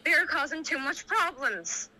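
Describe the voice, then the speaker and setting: A woman's voice: high voice, lively intonation, moderate pace, sharp tone, slight background noise, low-quality recording. Agitated Dublin woman on speakerphone. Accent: Irish (Dublin). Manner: rambling, restarts, retells quoted dialogue. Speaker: caller. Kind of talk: agitated phone account. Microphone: phone on speaker.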